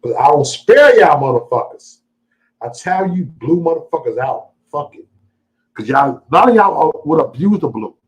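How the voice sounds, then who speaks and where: Man, live-stream host, casual chat, profane, taunting, boastful, lively swooping pitch. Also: moderate pace, low-quality recording. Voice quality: profane, taunting and boastful, mock-angry ranting. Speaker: livestream host.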